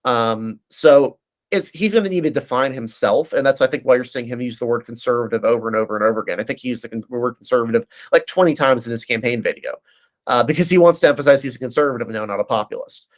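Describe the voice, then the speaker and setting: A man speaking as a guest analyst in a casual political discussion, breaking down races quickly and often restarting his sentences. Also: medium pitch. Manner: fast, analytical, frequent restarts.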